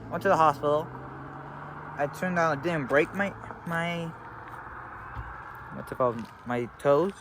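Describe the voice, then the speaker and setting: A teenage boy telling a story to a phone camera beside a road, halting and full of fillers. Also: fairly high pitch. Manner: rambling, halting, with frequent fillers. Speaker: vlogger. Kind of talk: casual storytelling. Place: outdoors by a road. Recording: faint traffic noise outdoors.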